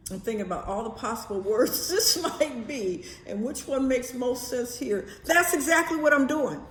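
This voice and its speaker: A woman vlogging in a casual, animated chatty way, swearing now and then. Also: sits high, normal speed, reverberant, a little hiss or hum. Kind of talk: casual chat to camera.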